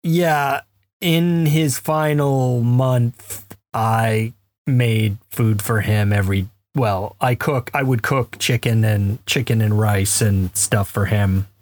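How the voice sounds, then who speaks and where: A man's voice: medium pitch, fairly even intonation, slow, darkish tone, no room sound. A man co-hosting a podcast, casually telling rambling stories and laughing as he talks. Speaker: podcast co-host. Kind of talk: casual chat.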